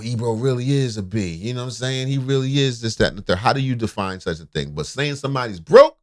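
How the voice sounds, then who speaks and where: Animated man reacting loudly. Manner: animated, jumps high and loud when making a point. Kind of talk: casual reaction chat.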